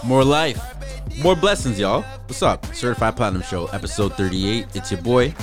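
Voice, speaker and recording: A young man hosts a casual podcast in a low, deep voice. He talks in a laid-back, slangy way and chuckles often. Music plays clearly behind him. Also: expressive, moderate pace. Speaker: podcast host. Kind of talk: casual chat.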